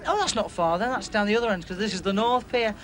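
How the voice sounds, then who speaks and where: A man presenting live from a beach, chatting excitably with children about their swaps. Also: sits high, fast, background noise. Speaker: outside broadcast presenter. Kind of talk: lively live interviews on a beach. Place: outdoors on a crowded beach.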